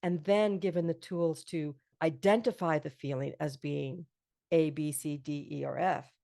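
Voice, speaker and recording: A woman's voice: sits low, fairly even intonation, measured pace, gravelly, dark tone, no echo, studio quality. A middle-aged woman hosting an interview podcast, talking earnestly and affirmingly in long reflective runs. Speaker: podcast host. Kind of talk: casual interview chat.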